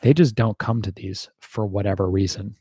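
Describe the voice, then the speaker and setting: A man's voice: fairly low pitch, moderate pace, dark tone, breathy edge, no echo. An American man hosting a casual livestream Q&A, rambling wryly with lots of fillers and the odd swear. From United States.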